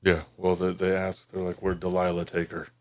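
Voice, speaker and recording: A man with a very low, deep voice talks over a book's plot with his co-host. He is laid-back and blunt and swears freely. His voice sounds close and dry. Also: monotone, brisk, darkish tone, no echo, lo-fi sound. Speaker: podcast co-host. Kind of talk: casual book discussion.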